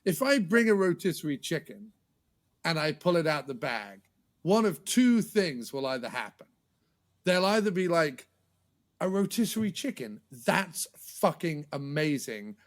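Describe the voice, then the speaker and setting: Speaking at a moderate pace in a fairly high pitch, a man hosts a podcast and tells stories conversationally. He animates them by acting out scenes, swearing without restraint.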